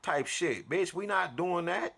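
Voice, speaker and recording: A man's voice: sits high, animated, unhurried, creaky, fairly bright tone, a little hiss or hum. A man telling an aggrieved story in a profane, heated monologue, restarting and repeating himself as he vents. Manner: aggrieved, ranting, repetitive restarts. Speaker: vlogger.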